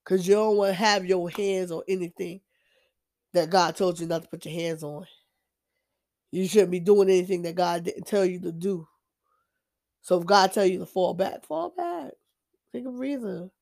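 Woman preaching casually to camera, raspy fry in her voice, keeps restarting and repeating for emphasis. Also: on the low side, steady tone, normal speed, pauses often, a little mellow. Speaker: Christian vlogger sharing testimony. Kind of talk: casual faith talk, preachy testimony.

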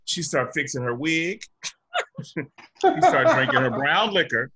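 Podcast guy, super bright voice, bouncy pitch, keeps laughing. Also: takes it slowly, breathy edge. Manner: animated storytelling, laughs often. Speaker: podcast co-host. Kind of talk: casual chat.

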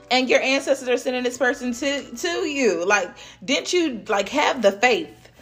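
A woman's voice: on the high side, animated, normal speed. Young woman, casual tarot-style reader, blunt and chatty with a salty mouth, faint music underneath. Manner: blunt, chatty, swears, laughs often. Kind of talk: casual spiritual reading.

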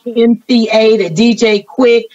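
A woman's voice: a little high, little pitch movement, a little mellow, dry recording, distant mic. A woman hosting an interview, asking questions and reflecting in an earnest, thoughtful way. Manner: earnest and thoughtful, drawn-out remarks. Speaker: interviewer host. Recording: dry, muffled audio from off-mic.

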